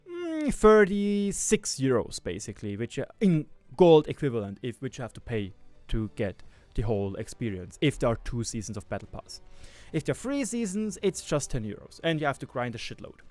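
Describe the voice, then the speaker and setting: A gaming YouTuber vents in ranting commentary, frustrated and profane, repeating himself. His mid-range voice is very animated and a little mellow at a moderate pace, in a dry recording with faint music behind.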